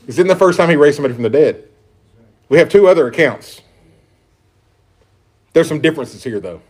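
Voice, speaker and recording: A pastor preaching an earnest sermon, reading scripture aloud with emphatic stresses. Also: male voice, fairly high pitch, lively intonation, brisk, a little mellow, slightly rough.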